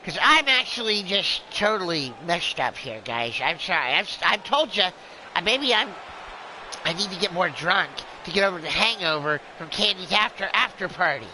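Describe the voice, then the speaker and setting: A man's voice: sits high, sing-song, normal speed, bright, forceful tone, slight background noise, rough recording. A man calling a wrestling game as a rambling, jokey streamer who plays a drunken clown persona. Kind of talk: excitable play-by-play game commentary.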